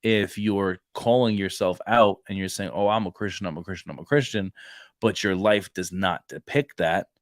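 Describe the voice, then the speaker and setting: A man with a low voice tells a story in casual podcast chat, slipping into the voices of the people he quotes. He rambles a little and keeps circling back. The recording is dry and close. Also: moderate pace, dry recording. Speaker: podcast co-host; Marine reservist.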